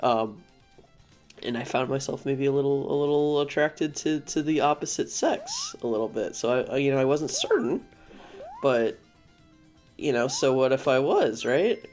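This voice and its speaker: A man's voice: mid-range voice, wildly swooping pitch, normal speed, a little mellow, soft background music. A young man casually telling a personal story, rambling with frequent restarts and fillers and swearing now and then. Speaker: vlogger.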